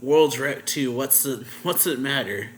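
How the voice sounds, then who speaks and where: A man reading out the lines of an upbeat, optimistic young male manga hero, a little louder and higher than his own talk. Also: unhurried, background noise, close to an everyday voice. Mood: eager.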